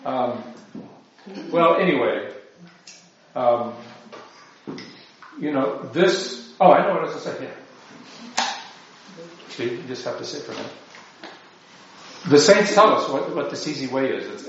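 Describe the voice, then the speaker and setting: A man's voice: mid-range voice, expressive, unhurried, long pauses, slight background noise. A man giving an informal spiritual talk to his parish, rambling and self-deprecating, full of asides. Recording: distant mic, very echoey, dull lo-fi sound.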